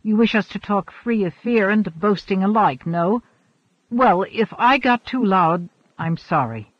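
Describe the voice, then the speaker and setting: A man reading the part of a bold, boastful young hunt leader in an audiobook, speaking loudly and defiantly. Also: high voice, expressive, unhurried, no room sound. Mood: placating. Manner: loud, emphatic, defiant. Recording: dull, dry recording.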